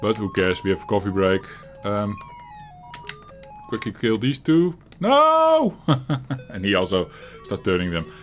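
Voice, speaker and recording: Low-pitched and steady, at a normal pace, a Dutch-accented man from the Netherlands chatters on about the game he's playing. As a retro gaming channel host giving casual commentary, he rambles, often chuckling and starting over, with faint music behind him.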